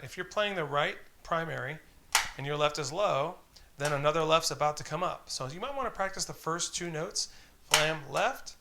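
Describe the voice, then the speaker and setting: Man teaching drum rudiments, gravelly voice. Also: a little high, heavy background noise. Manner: patient, encouraging, counts aloud and calls out stickings. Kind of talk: instructional tutorial, counting off exercises.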